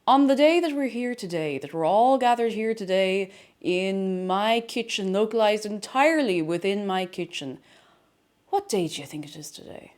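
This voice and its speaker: With a medium-pitched, expressive voice and a darkish tone, a woman speaks at a moderate pace. She hosts a live stream from her home kitchen, having a casual, playful chat with viewers full of silly asides.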